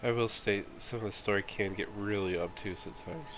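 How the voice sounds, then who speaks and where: A man's voice: fairly low pitch, normal speed, background noise. A man giving casual, offhand commentary while playing a story game, mumbling asides between lines. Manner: offhand, mumbling asides, reads dialogue aloud. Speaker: streamer.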